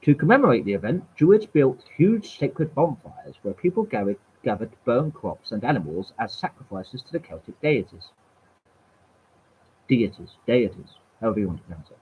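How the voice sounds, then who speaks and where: A man's voice: medium pitch, very animated, fairly quick, few pauses, a little hiss or hum. A man reading history aloud from webpages, stumbling and repeating words, with wry casual asides. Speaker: channel host. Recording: tinny phone-like sound.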